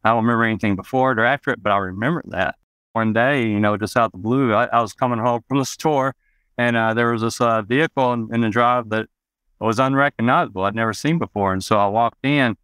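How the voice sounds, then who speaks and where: A man's voice: on the low side, brisk, fairly bright tone, clean tone, no echo. A man from Arkansas, telling personal memories as an interview guest, rambling with many "you know" asides.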